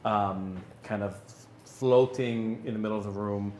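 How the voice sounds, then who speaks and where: Low-voiced game master with an echo. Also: male voice, steady tone, mellow, a little hiss or hum. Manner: halting, many fillers and restarts. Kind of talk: narrating a tabletop game.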